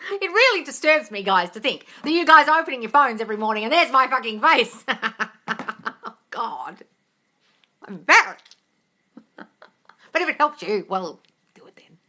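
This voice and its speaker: A woman hosting a live question-and-answer stream, with a fairly high, bright and forceful voice. She talks bluntly and swears freely, calling her listeners darling. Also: animated, measured pace, long pauses. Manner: blunt, profane and exasperated. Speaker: host answering viewer questions. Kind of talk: livestream Q&A.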